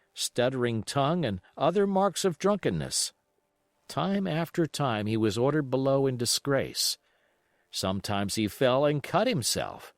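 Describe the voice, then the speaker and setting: A man reading a classic adventure novel aloud as an expressive audiobook narration. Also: medium pitch, no echo, clean studio sound.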